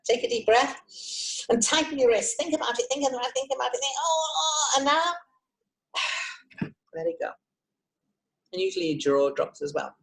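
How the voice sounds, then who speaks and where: A woman hypnotist and trainer teaching self-help techniques on a video call, expressive and encouraging. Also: lowish voice, poor audio. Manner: lively, expressive, encouraging, with frequent asides. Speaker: hypnotist and emotional intelligence trainer.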